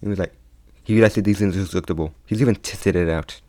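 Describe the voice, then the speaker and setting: A young man telling a fan story in a loose, unscripted way. His voice sits a little low, and he keeps stopping, repeating words and starting over. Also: dark tone. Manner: halting, many restarts and repeats. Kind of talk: casual retelling of a fan story.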